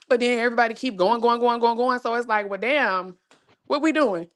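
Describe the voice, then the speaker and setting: A woman's voice: on the high side, brisk, a little hiss or hum. A woman in a casual group chat, speaking emphatically and repeating words to drive her point home.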